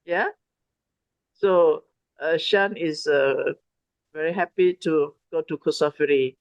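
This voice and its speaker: Woman host, lowish voice, dry close sound, calls on each speaker. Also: slow pace, dry recording. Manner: chatty, prompting speakers, mixing in Malay words. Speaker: host of an online youth meeting. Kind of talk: casual moderating of a video call.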